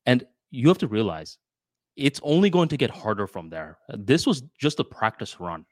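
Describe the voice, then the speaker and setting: A man's voice: medium pitch, normal speed, no echo. Podcast co-host, male, casual storyteller, dry close mic. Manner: storytelling, animated retelling.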